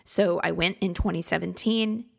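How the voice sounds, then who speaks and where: A woman's voice: lowish voice, steady tone, normal speed, creaky, darkish tone. A woman hosting a podcast, talking in a chatty, reflective and self-deprecating way from a home studio. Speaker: podcast host. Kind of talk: casual solo podcast talk. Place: home studio in a converted garage.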